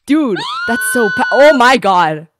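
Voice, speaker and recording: A woman's voice: high voice, huge pitch swings, takes it slowly, background noise. A woman guest in a casual gameplay chat, giggly and full of mock-dramatic accusations. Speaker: guest streamer.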